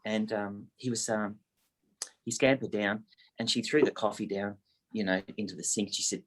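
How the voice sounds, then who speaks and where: A man, a real estate agent telling a story and coaching in a casual, animated way. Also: fairly low pitch, normal speed. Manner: animated anecdote teller, lively, acts out quotes.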